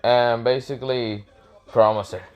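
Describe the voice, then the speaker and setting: A man's voice: mid-range voice, fairly even intonation, moderate pace. Rambling young man telling a story. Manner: rambling, self-correcting, many fillers. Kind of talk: casual improvised storytelling.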